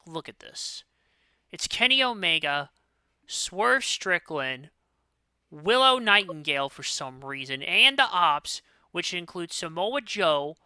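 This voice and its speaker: Woman, casual online chat co-host, foul-mouthed rant, lively up-and-down pitch, smooth clear tone. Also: no room sound. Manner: profane, ranting, swings from fuming to weary. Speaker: podcast co-host. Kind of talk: casual wrestling prediction chat.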